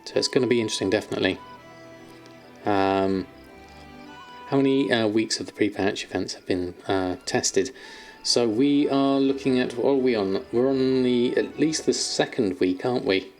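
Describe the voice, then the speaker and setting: A man's voice: medium pitch, moderate pace, soft background music. A man chatting on a live stream, reading viewer questions aloud and answering them with plenty of ums and fillers. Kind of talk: casual live-stream chat.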